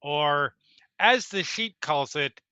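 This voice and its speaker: Slow-talking man playing a tabletop game. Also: a little high, lively intonation, sharp tone, smooth, no echo, muffled recording. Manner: menacing in character, then casual about rules. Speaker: player.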